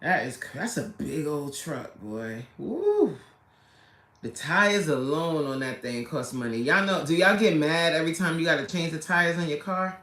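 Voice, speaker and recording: A woman's voice: deep voice, normal speed, hardly any pauses, a bit bright. Chatty woman streamer in an echoey room. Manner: chatty, greets viewers by name, loose and joking. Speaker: livestream host and coach. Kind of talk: casual livestream chat.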